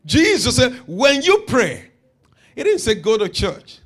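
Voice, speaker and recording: High-pitched, emphatic male preacher. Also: wildly swooping pitch, slow, pauses often, husky. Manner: emphatic, repeats phrases, swells to shouts. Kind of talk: sermon.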